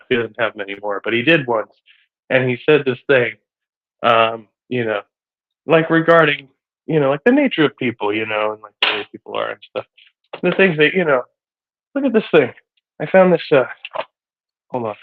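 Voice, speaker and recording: A man rambling his way through a loose, hesitant monologue, slightly out of breath, circling his point with fillers. His voice sits at an ordinary pitch, and the sound is thin and tinny, as if it came over a phone line. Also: moderate pace, pauses often. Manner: meandering, hesitant, lots of fillers. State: a bit out of breath. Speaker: live streamer.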